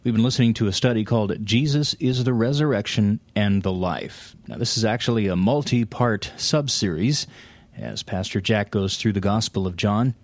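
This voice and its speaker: A male program announcer giving a calm, measured closing announcement after a sermon. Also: fairly low pitch, dry recording.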